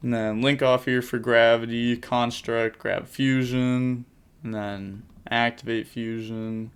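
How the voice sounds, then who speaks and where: Smooth-voiced man calling card game plays. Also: medium pitch, little pitch movement. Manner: rattles off plays in quick bursts, jokey asides. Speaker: channel host commentating card game replays. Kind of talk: casual gameplay commentary.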